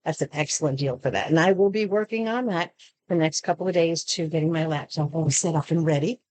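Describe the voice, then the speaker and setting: A woman's voice: deep voice, brisk, darkish tone. Chatty woman reviewing home products. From Arizona. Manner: chatty, shows items while talking. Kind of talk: casual unboxing chat.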